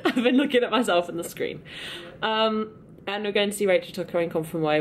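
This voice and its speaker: A woman's voice: medium pitch, brisk, slight background noise. A woman chatting to a handheld camera, giggly and hesitant with lots of ums. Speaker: friend on the trip. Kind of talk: casual chat to camera.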